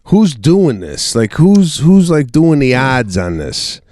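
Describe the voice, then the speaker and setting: A comedian co-hosting a podcast, talking casually and asking rambling, incredulous questions on a studio mic. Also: male voice, medium pitch, sing-song, slow, a little mellow, no room sound. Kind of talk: casual chat.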